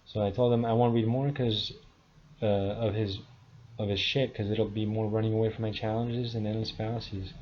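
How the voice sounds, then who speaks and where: A man's voice: fairly low pitch, level tone, moderate pace, slight background noise. A man in his thirties giving a combative, scornful monologue rebuttal, full of insults. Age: 30s. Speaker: video commentator. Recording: dull lo-fi sound.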